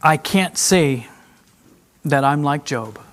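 Taking it slowly in a high-leaning voice with lively intonation, a middle-aged itinerant preacher gives a confessional, emotional sermon. His delivery moves from hushed to raised, and he addresses the congregation as friends.

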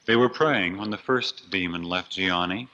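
A low-pitched man delivers an earnest storytelling sermon with a forceful edge. He builds dramatically on key phrases. The recording is dull and lo-fi. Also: normal speed. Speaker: preacher.

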